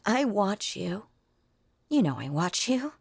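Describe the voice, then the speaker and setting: A woman voicing a slow, obsessive female ghost. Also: mid-range voice, vocal fry, breathy edge, no room sound, clean studio sound, heavily acted. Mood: eerie, possessive. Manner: slow, deliberate, unsettlingly calm. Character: lonely obsessive female ghost haunting the walls. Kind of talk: audio role-play.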